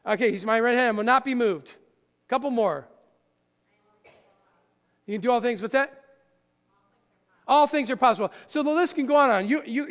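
A man preaching a sermon as pastor, animated and often asking the audience questions. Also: very high voice. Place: church sanctuary. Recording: church hall with long reverb.

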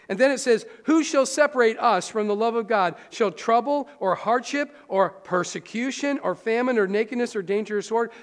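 Preaching with a voice that sits high, this pastor keeps his sermon lively and conversational, with quick asides aimed at the congregation. The sound has a long hall reverb.

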